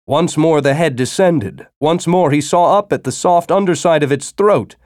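A man narrating a science-fiction story as an audiobook, with expressive storytelling. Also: on the high side, moderate pace, dry recording, clean studio sound.

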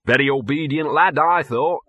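A man's voice: on the high side, moderate pace, sharp tone, no room sound, dull audio, voice pushed up. Gaspode, a man doing a smug scruffy dog. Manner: sardonic, smug. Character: scruffy cynical talking mongrel dog, male.

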